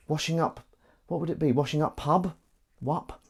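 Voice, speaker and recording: A man's voice: fairly high pitch, lively intonation, moderate pace, creaky, breathy edge. A man hosting a casual livestream while he washes up, rambling and joking at his own expense. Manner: rambling, jokey and self-mocking, with false starts and wordplay. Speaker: livestream host.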